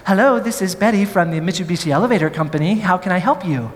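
A sweet, kind help-line operator lady reassures callers in a quick, polite, soothing patter, as a man puts her on. The voice rings in a large hall with a long echo tail. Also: high voice, lively intonation.

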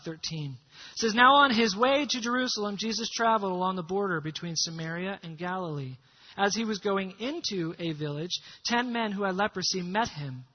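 A man preaching a sermon, telling stories dramatically and swinging from hushed lines to loud calls. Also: sits high, husky, muffled recording. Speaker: pastor.

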